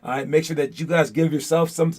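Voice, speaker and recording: High-voiced man giving a rambling pep talk. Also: steady tone, fairly quick, a little mellow. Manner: rambling, full of fillers and restarts. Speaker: basketball coach giving a motivational talk. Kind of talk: casual motivational monologue.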